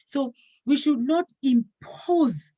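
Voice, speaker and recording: A woman's voice: sits high, slow pace, mellow, lo-fi sound. A middle-aged woman hosting a talk show, telling a personal story in earnest and acting out what was said. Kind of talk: casual talk show conversation.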